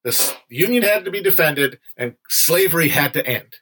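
A man's voice: fairly high pitch, lively intonation, moderate pace, sharp tone. A young man hosting a casual livestream book discussion, chatty and digressive, with frequent fillers and some swearing.

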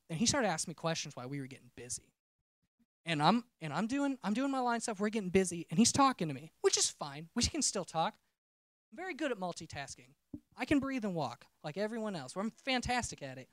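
Male preacher sharing a testimony, animated and chatty, dry close sound. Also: high voice, no echo. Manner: conversational storytelling, self-interrupting. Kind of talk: personal testimony sermon.

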